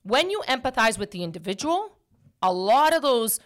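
A woman in her thirties with a higher-pitched voice chats casually at a normal speed. She tells stories in an emphatic, animated way and says "like" a lot.

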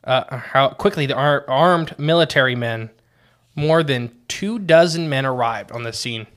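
A man's voice: mid-range voice, measured pace, fairly bright tone. A man co-hosting a casual podcast, reading quotes from his notes and often restarting his sentences. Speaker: podcast co-host.

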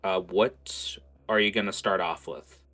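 A man's voice: deep voice, fairly even intonation, a little slow, a bit bright. A young man narrating as game master in a casual way, with lots of fillers. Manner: casual, many fillers and restarts.

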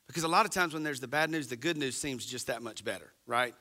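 A man's voice: mid-range voice, fast, sharp tone. A man preaching a sermon as pastor, talking conversationally and straight to his congregation.

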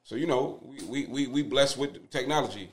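A young man, a father of twins, telling stories as a podcast guest in a casual, animated, profane way. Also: medium pitch, normal speed, slightly rough. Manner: animated, profane storytelling with laughter.

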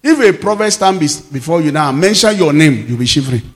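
A pastor delivers a sermon in a high voice. His pitch swoops widely, and he swings between shouts and low, emphatic lines. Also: brisk. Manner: animated preaching, sudden shouts and drops to low emphatic tones.

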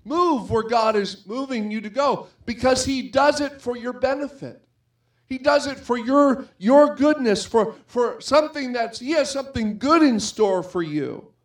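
A middle-aged man preaching with a fairly high-pitched voice. He speaks earnestly and conversationally, weaving personal stories into his sermon. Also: lively intonation, a little slow. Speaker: pastor.

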